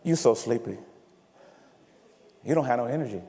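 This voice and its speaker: A man voicing someone's own sluggish, discouraging mind, slow and drowsy, in a church hall. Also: mid-range voice, expressive, gravelly, warm tone, voice pushed down.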